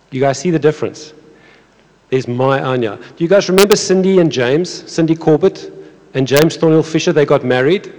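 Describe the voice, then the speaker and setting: A pastor in his thirties or forties preaches a conversational sermon in a church auditorium, often repeating words and putting questions to the congregation. His voice is a little high and a little mellow, with long hall reverb from the church.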